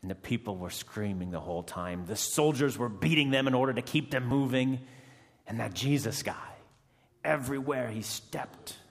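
A man playing a fierce, emotional rebel prisoner who has just been freed. He delivers a first-person dramatic monologue, swinging between hushed tones and loud outbursts with dramatic pauses. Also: medium pitch, close to an everyday voice. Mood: intense. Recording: long reverb of a large hall.

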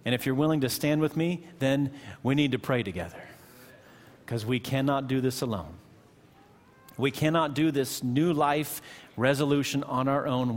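Man preaching emphatically in a reverberant church. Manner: emphatic, rising to stress key words then dropping low and slow. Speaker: pastor. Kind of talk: sermon. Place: church sanctuary.

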